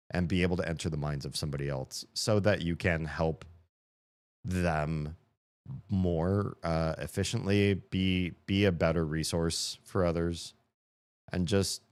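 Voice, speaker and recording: An American man chatting casually on a live stream, earnest and reflective, drifting from thought to thought. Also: deep voice. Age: adult with children.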